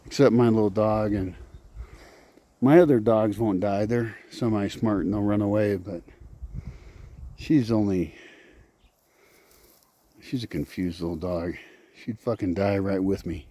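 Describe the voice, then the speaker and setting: A man's voice: on the low side, a little slow, long pauses, dark tone. A man vlogging outdoors on his rural land, talking casually and sardonically, swearing and muttering to himself. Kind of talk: casual walking vlog.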